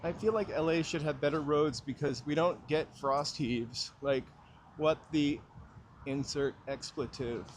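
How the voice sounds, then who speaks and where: Man, walking-stream host, somewhat high voice, rambling jokey chat, outdoors on a street, hat-brim mic, faint street sound behind. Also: unhurried, slight background noise. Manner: rambling, chatty and joking. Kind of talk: casual chat while walking. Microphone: small mic clipped to hat brim.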